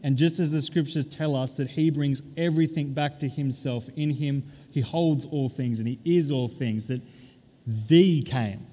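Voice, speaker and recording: A man preaching a sermon as pastor, stressing key words and drawing them out slowly. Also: on the high side, steady tone, dark tone. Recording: long reverb of a large hall.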